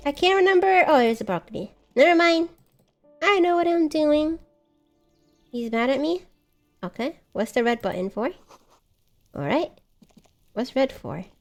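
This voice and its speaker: A woman livestreaming a game, talking to her viewers in a chatty, self-mocking way. Her voice sits slightly high and moves around a lot, and she breaks into exclamations often. Faint game music plays behind her. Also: expressive, measured pace, pauses often. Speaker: streamer. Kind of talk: casual live gameplay chat.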